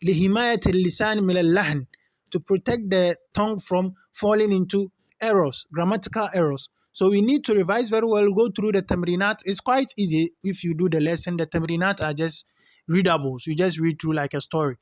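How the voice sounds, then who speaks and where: High-voiced man teaching grammar. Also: quick pace, no echo, studio quality. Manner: reads Arabic text, then explains in English; patient, repeats points for learners. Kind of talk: recorded lesson.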